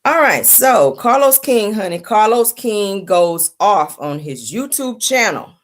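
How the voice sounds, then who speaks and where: A woman's voice: mid-range voice, very animated, a little slow. A woman hosting a casual celebrity gossip show in a sassy, chatty way, calling her listeners honey and child, still sleepy from just waking up. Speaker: host.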